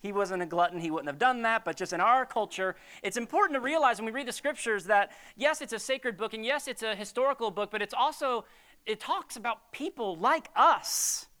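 A woman preacher with a bright, fairly high voice delivers a sermon. She talks in a chatty, animated way and slips in jokey asides. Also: a little fast.

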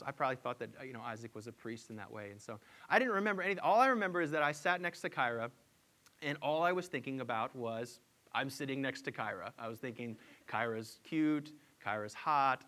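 A man's voice: on the high side, sharp tone. Storytelling preacher man, emphatic peaks. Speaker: pastor. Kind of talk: sermon with personal story.

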